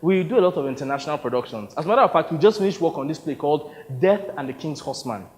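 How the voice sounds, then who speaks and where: A man's voice: fairly high pitch, very fast, big-room sound. A Nigerian man with a Nigerian accent, performing a wry one-man theatre monologue. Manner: wry, storytelling, expressive. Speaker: solo stage performer narrating.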